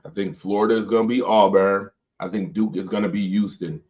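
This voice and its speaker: A man's voice: fairly low pitch, fairly even intonation, brisk, darkish tone. A man hosting a late-night sports talk stream, joking loosely and reading viewer comments aloud. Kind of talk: casual chat with viewers. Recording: dull lo-fi stream audio.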